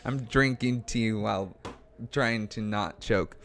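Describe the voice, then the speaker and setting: A man's voice: fairly low pitch, slow pace, a bit bright, a little hiss or hum. A man co-hosting a casual livestream, laughing often and reading viewer comments aloud. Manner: giggly, reads chat comments aloud. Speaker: co-host.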